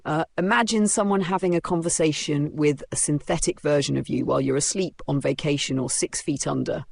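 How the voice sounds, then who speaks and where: A woman's voice: deep voice, creaky, a little mellow, dry recording. A woman hosting a podcast, delivering a scripted monologue with punchy emphasis and rhetorical questions. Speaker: podcast host.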